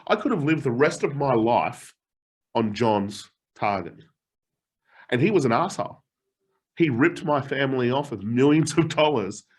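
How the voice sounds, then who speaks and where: A man's voice: mid-range voice, husky. A middle-aged man coaching a live online challenge, telling personal stories with frequent laughs and casual swearing. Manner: animated storytelling, laughs often, swears casually. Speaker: motivational coach.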